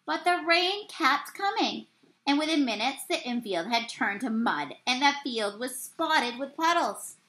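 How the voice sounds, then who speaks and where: A woman teacher reading a children's storybook aloud, expressive and acting out the characters. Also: high-pitched, measured pace, rough recording.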